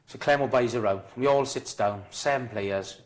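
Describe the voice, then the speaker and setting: A man guesting on a podcast and telling football stories in an animated, swearing way, with frequent restarts. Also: mid-range voice, moderate pace. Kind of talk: casual storytelling.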